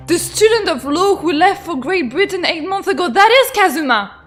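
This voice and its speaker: Young woman playing a game, high voice, shrieky n stammery, soft music behind. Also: moderate pace. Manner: excitable, shrieks and stammers, reads dialogue aloud. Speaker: gaming streamer. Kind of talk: let's play commentary with voiced lines.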